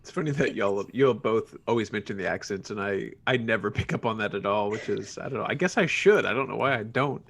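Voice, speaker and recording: Man, podcast co-host, casual chat, animated pitch, wry. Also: creaky. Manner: laughs often, halting and wry.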